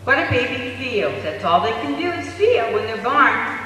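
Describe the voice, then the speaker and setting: Man giving a slow talk to a crowd, high bright voice, big echoey hall, mic far away. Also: very animated, a little hiss or hum. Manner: slow, storytelling delivery with rhetorical questions to the audience. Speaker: parenting speaker. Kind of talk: lecture to an audience.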